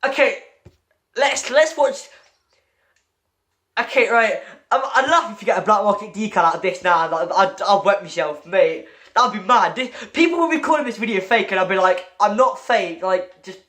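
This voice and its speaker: A man giving excitable gaming commentary while chatting with a friend, stammering and repeating himself. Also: high-pitched, normal speed. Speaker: gamer opening loot crates.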